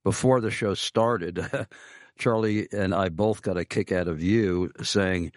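Jovial American radio host, low voice. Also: male voice, takes it slowly, no room sound, clean studio sound. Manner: jovial, chuckling. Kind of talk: radio interview.

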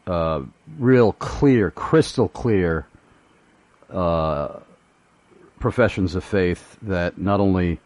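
A man's voice: low voice, a little mellow, no echo. A man hosting a radio talk show, telling a personal story with frequent hesitations and chuckles.

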